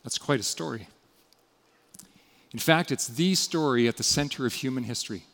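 A man giving a sermon, retelling a story with dramatic shifts between loud emphasis and hushed passages. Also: mid-range voice, moderate pace, vocal fry, big-room sound. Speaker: preacher.

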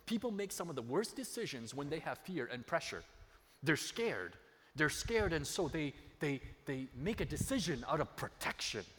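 A man's voice: fairly high pitch, sing-song, moderate pace, a bit bright. A man preaching a sermon. He tells personal stories and repeats key phrases for emphasis. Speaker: pastor. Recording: long hall reverb.

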